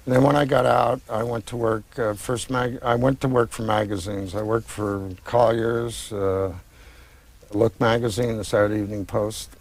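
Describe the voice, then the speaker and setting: A man's voice: mid-range voice, fairly even intonation, darkish tone. Older guy author talking about his books, rambly, lots of uhs and restarts. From United States. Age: 60s. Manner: reflective, meandering with many pauses and restarts. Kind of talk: conversational interview.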